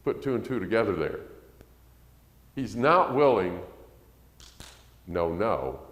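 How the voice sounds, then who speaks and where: Lively low-voiced man preaching in a hall. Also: slow. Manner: conversational preaching with acted-out quotes and rising emphasis. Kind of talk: sermon. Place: church sanctuary. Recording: echoey church hall.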